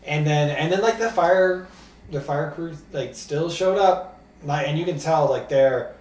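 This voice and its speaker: A man's voice: on the high side, measured pace, darkish tone. A young man, a comedian co-hosting a podcast, rambling through a story with lots of filler words. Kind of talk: casual storytelling. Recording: roomy sound, distant from mic, faint room noise.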